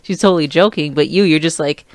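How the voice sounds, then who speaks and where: A woman's voice: low-pitched, fast talker, dry recording. A young woman guesting on her husband's podcast in casual chat, teasing and laughing often. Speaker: podcast guest, host's wife.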